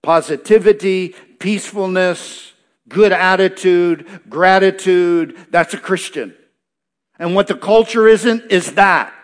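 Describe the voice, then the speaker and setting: A man with a fairly high voice delivers a sermon, reading verses and unpacking them phrase by phrase. His delivery is emphatic and repetitive, building points in short punchy lines. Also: slow. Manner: expository preaching, reads verses then explains, emphatic repetition. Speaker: pastor.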